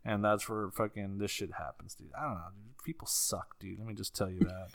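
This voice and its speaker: A man's voice: on the low side, steady tone, brisk, vocal fry, a crowd in the background. A man, ranting casually on a podcast, swearing and saying "dude" a lot. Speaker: podcast co-host. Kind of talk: casual chat.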